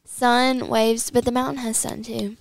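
A woman's voice: fairly high pitch, little pitch movement, measured pace, vocal fry, crowd noise. A woman co-hosting a casual studio chat, bubbly, giggly and easily flustered. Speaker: co-host.

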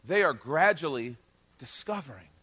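A middle-aged man preaching with a high, lively voice that swoops up and down as he acts out each scene. His tone is bright and ringing. He jokes easily with the congregation and slips into the characters' voices as he tells the story. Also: moderate pace, breathy edge. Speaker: pastor. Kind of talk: sermon.

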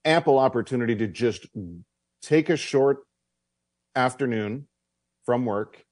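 A man's voice: mid-range voice, measured pace, no room sound. A man hosting a sports radio show, chatty and promotional as he plugs the evening game. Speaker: radio and TV hockey broadcaster, host. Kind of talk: casual sports radio talk.

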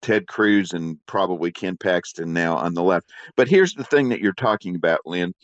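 Male radio co-host, folksy opinionated rambler, low voice, lo-fi dry audio. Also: expressive, normal speed, no echo. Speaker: radio talk show co-host. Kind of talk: political talk radio chat. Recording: dull lo-fi broadcast sound.

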